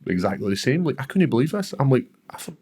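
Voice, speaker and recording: A Scottish man, a guest on a podcast, telling stories in a casual, animated way, acting out other people's voices and swearing freely. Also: mid-range voice, fast talker, slightly rough. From Scotland. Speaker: guest, professional fighter. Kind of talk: casual storytelling in a podcast interview.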